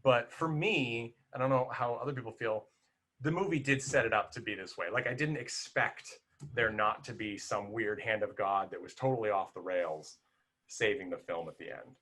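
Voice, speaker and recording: A man's voice: lowish voice, normal speed, fairly bright tone. A man co-hosting a film podcast, talking casually and with animation, full of restarts and fillers. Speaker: podcast co-host.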